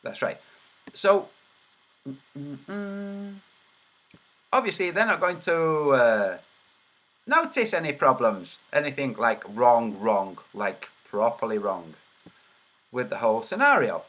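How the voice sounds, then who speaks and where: A man's voice: mid-range voice, sing-song, takes it slowly, long pauses, a bit bright. A man hosting a casual livestream, muttering to himself while he searches and then commenting in a mocking, sarcastic way. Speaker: video host.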